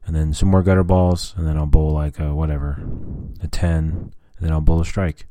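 Deep, dark-voiced man chatting casually. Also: level tone, normal speed, no echo. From US Southwest. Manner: rambling, frequent fillers and cursing. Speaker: vlogger. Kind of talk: casual personal vlog chat.

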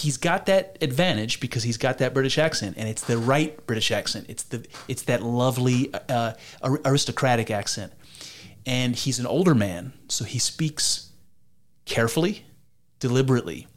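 Rambling, excitable guy. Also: medium pitch, normal speed, a little hiss or hum. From United States. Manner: rambling and enthusiastic, with restarts and casual swearing. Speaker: podcast co-host. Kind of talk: casual chat.

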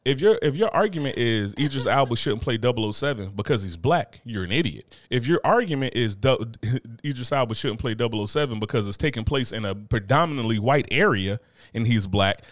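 A man holds forth in casual podcast talk, loose and profane, pushing his argument with energy. His voice sits at an everyday middle pitch. The sound is dry and close, with no room around it. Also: lively intonation, a little fast, no echo. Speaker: podcast co-host. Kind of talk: casual chat.

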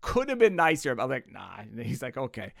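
Animated man telling stories on a podcast. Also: medium pitch, brisk, vocal fry, dry recording, clean studio sound. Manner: animated storyteller who laughs at himself. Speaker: podcast co-host. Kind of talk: casual podcast chat.

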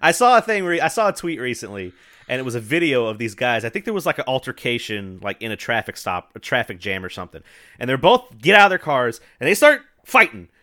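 A Southern American man talks quickly at medium pitch in a casual, profane podcast chat. Animated and swearing freely, he laughs often and tells stories.

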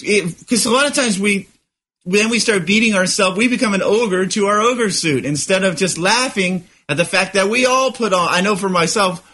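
A man's voice: sits high, moderate pace, sharp tone. A man co-hosting a podcast, talking earnestly and reflectively about spiritual ideas, often searching for his words. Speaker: podcast co-host. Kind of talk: casual spiritual discussion.

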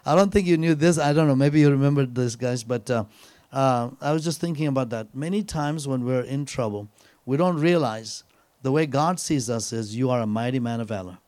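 A man's voice: mid-range voice, moderate pace, a little mellow, no echo. A man preaching as a guest speaker, telling a personal story and returning again and again to a scripture refrain with frequent "praise God.". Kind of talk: sermon.

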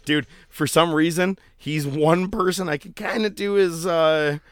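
A man co-hosting a podcast in casual chat, animated and joking, swearing freely. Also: a little high, a little slow, clear, resonant tone, dry recording, studio quality. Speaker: podcast co-host.

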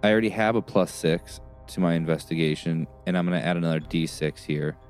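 A man playing a tabletop role-playing game, talking in a casual, wry and deliberate way. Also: sits low, darkish tone, soft background music. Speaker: player.

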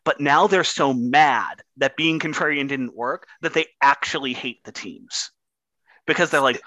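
A man co-hosting a casual sports podcast, ranting with animated energy about sports media. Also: medium pitch, measured pace, dry recording, poor audio. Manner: animated, ranting, does impressions.

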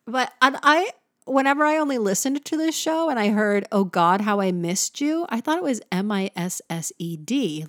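A woman's voice: mid-range voice, dry recording, clean studio sound. A woman giving a casual, enthusiastic music lesson, breaking into sung examples now and then. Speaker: music teacher.

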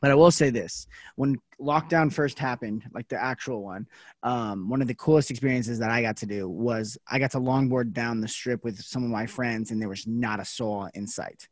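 A male podcast host in relaxed, chatty conversation with a guest. His voice is ordinary in pitch and recorded very dry, with no room sound. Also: normal speed, no room sound. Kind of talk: casual chat.

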